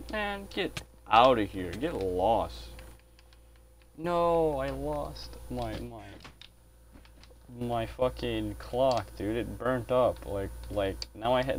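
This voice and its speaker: A man's voice: lowish voice, slight background noise. A man giving casual gameplay commentary as a channel host, grumbling, swearing a lot and saying dude.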